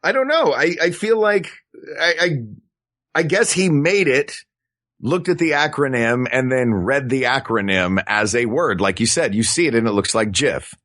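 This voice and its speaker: A man's voice: mid-range voice, expressive, moderate pace, a bit bright. A man co-hosting a comedy podcast, chatting casually and teasing his friend in a playful, jokey way. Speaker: podcast co-host.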